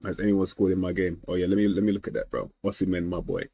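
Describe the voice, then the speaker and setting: A young man streaming a football manager game, excitable and slangy, yelling at the match and trash-talking his friend. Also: low-pitched, fast talker, gravelly, breathy edge. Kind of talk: casual gaming banter.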